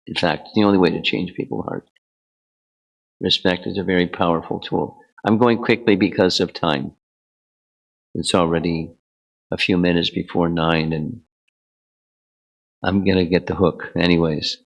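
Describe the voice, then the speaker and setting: A man giving a devotional lecture as a spiritual teacher, relaxed and bantering with his audience. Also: deep voice, moderate pace, gravelly, long pauses, lo-fi sound.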